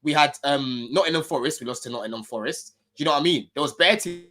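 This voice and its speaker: Fast-talking young man debating. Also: a little high, bright, forceful tone. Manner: argumentative, repeats points, street slang. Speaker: football pundit. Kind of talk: heated podcast debate.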